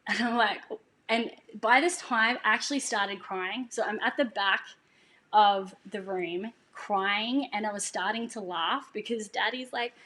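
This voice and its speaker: A woman's voice: mid-range voice, unhurried, pushed and bright. A woman telling a personal faith story in a casual way, earnest and emotional, laughing now and then. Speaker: singer sharing a testimony.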